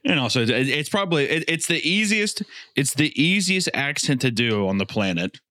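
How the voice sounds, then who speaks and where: A man's voice: fairly high pitch, big pitch swings, moderate pace, pushed and bright, dry recording, studio quality. A man co-hosting a podcast, rambling with restarts and crude jokes among friends. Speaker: podcast co-host. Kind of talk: casual banter.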